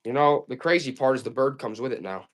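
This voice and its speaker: Speaking quickly in a mid-range voice, a man sells vintage goods on a live stream as an auction seller. His talk to viewers is a repetitive, hyped-up sales pitch.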